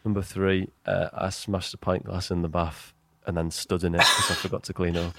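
A man co-hosting a casual comedy podcast, telling mishaps in a halting, deadpan way. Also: sits low, gravelly. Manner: halting, deadpan storytelling with fillers. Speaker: podcast co-host.

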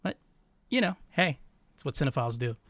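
A man's voice: mid-range voice, sing-song, a little fast, fairly bright tone, no echo. A man co-hosting a podcast in casual chat, laughing often and rambling through fillers as he recalls things. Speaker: podcast co-host.

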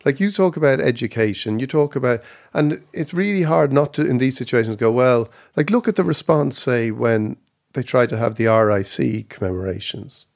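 A man, co-hosting a podcast, who thinks out loud with many pauses and restarts. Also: mid-range voice, gravelly. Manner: hesitant, full of fillers and restarts while thinking aloud. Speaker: podcast co-host. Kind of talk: casual podcast debate.

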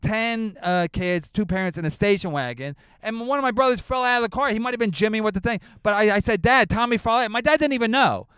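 A middle-aged comedian hosting a casual chat, rambling and swearing freely as he tells animated stories. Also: high voice, fast talker, hardly any pauses, clean tone, no echo, studio quality. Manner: profane, rambling, animated storytelling.

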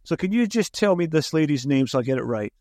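A man's voice: on the high side, lively intonation, fast, a little mellow, dry recording, clean studio sound. Chatty male podcast host. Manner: chatty, self-correcting restarts. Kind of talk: podcast interview.

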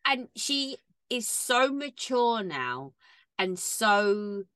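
A woman co-hosting a casual podcast chat, often chiming in with quick agreement. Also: a little high, sing-song, a bit bright, no echo, studio quality. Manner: agreeable, quick backchannel replies. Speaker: podcast co-host.

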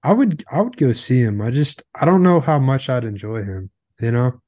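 A young man co-hosting a podcast in casual chat, trading dry, deadpan quips. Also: medium pitch, normal speed, no room sound. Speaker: podcast co-host.

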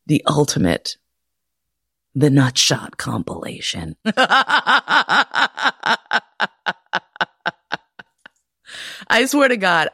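A woman's voice: lowish voice, no room sound, studio quality. Profane, laughing woman podcast host. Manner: profane, laughs often, animated. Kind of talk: candid personal storytelling monologue.

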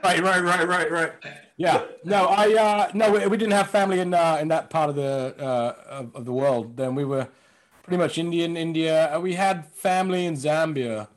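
Rambling London-born comedian, higher voice. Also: male voice, moderate pace, soft background music. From London, England. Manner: rambling, self-mocking, often laughing. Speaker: comedian and impressionist guest. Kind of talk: casual podcast chat.

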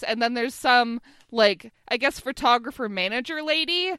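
A woman's voice: a little high, moderate pace, fairly bright tone, clear, resonant tone, no room sound. A young woman co-hosting a podcast in casual chat, recapping a TV episode with swearing, laughter and acted-out quotes. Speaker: podcast co-host.

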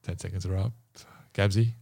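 A man's voice: deep voice, steady tone, normal speed, vocal fry, noisy background. A man hosting a casual podcast quiz, bantering and laughing with his guests. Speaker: quiz host.

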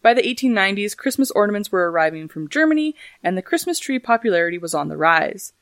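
A woman hosts a laid-back history podcast at a middle pitch. She reads her facts in an easy, conversational way and drops in wry little jokes between them. The sound is dry and close, with no room echo. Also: expressive, quick pace. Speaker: podcast host. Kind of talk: casual history podcast chat.

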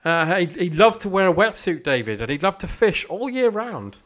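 A man's voice: high voice, big pitch swings, normal speed, a bit bright. A man hosting a casual history podcast, joking and laughing as he tells the story. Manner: jokey, laughs often, stumbles over words. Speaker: podcast host.

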